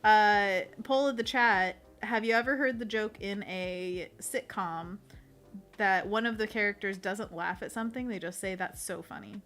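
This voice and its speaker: A woman's voice: mid-range voice, normal speed, fairly bright tone, soft background music. A young woman co-hosting an art livestream, chatting casually while she paints and laughing often. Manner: giggly and playful, laughs often.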